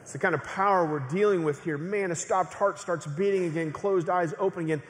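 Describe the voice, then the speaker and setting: A middle-aged male pastor preaching a sermon in an earnest way, building to emphatic peaks and slowing for dramatic pauses. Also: a little high. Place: large church auditorium. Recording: long hall reverb.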